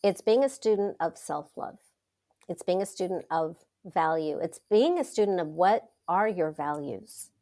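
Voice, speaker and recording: A middle-aged woman, a wealth coach, telling stories in a casual interview with dramatic, expressive delivery. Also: fairly low pitch, a little slow. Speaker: wealth coach, podcast guest.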